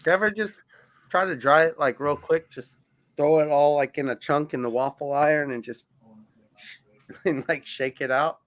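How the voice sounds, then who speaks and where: A man's voice: on the high side, normal speed, fairly bright tone, no room sound. A married man chatting casually on a livestream, often laughing into his own remarks.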